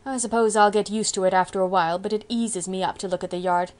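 A sheepish older farmer grumbling good-naturedly over his lot, as a woman narrator puts him on. He talks in a rueful, folksy storytelling way, at a middling pitch. An audiobook figure. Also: steady tone, quick pace, darkish tone, lightly acted.

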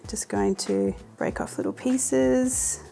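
A woman's voice: medium pitch, huge pitch swings, takes it slowly, creaky, warm tone, soft background music. Chatty woman hosting a cooking show. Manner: chatty, upbeat, explains step by step. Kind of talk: casual cooking demonstration. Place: home kitchen.

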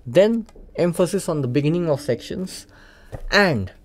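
A man with an Indian accent, calmly and methodically explaining tabla technique in a music lesson, repeating the key points. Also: on the high side, a little slow, slight background noise. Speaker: tabla teacher. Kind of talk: instructional explanation. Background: tabla playing.

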